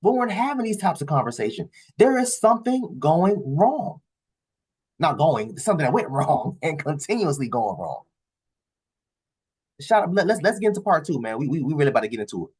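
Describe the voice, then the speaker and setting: A man with hosting a reaction video, animated and emphatic, laughing and swearing as he comments. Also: on the high side, a little fast, husky.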